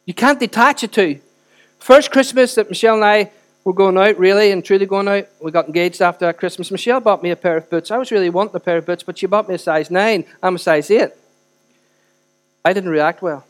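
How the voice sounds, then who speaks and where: A man preaching a sermon in a church, speaking in a conversational way with direct questions to the congregation, swinging between loud and hushed. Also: high-pitched, brisk. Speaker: pastor.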